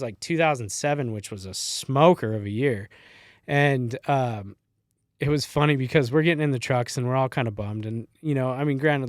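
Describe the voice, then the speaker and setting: A middle-aged man, once a wildland firefighter, is a guest on a podcast, telling relaxed stories full of laughter and free swearing. His voice sits in the mid-range, recorded dry with studio quality.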